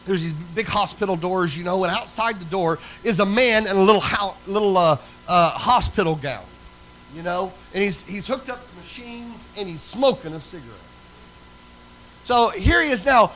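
A man's voice: sits high, a bit bright, slight background noise, low-quality recording. A man preaching a sermon as pastor, folksy and emphatic as he tells a story. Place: church sanctuary.

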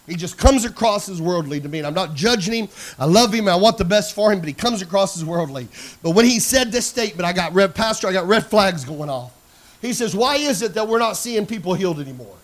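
A man with a high voice preaching a sermon in a church. He tells his story quietly, then rises to loud shouted preaching and calls out to the congregation. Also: lively intonation, a little fast. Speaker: pastor. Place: church sanctuary.

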